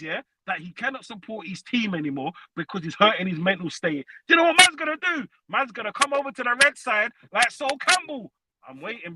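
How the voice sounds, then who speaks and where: A man calling in to a fan show, trash-talking loudly and profanely, peppering every line with tags like "you know what I'm saying". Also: high voice, no room sound, low-quality recording. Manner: loud, profane trash talk with constant tags. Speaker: caller. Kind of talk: heated fan call-in rant.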